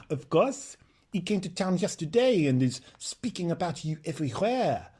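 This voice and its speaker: A man voicing a lazy, giggly young noblewoman who talks loudly and gushes in a high, drawling voice. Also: slightly rough. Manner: high drawling voice, loud and gushing.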